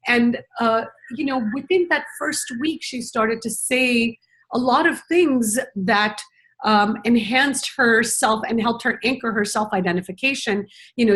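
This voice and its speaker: A woman's voice: a little high, unhurried, a bit bright. A middle-aged woman speaking as a parenting educator in a conversational conference talk, reflective and earnest, with many "you know" fillers.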